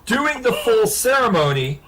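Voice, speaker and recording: A man's voice: extremely high pitch, measured pace, a little hiss or hum. A man telling a long story on a casual hangout stream, laughing and swearing as he goes. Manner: profane, laughing, animated storyteller.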